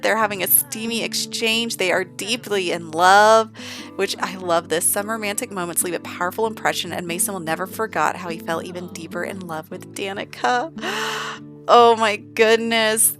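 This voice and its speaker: A woman's voice: medium pitch, fairly bright tone. A young woman hosting a gaming channel, gushing with enthusiasm as she narrates a life-sim game. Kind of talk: casual game commentary. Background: faint background music.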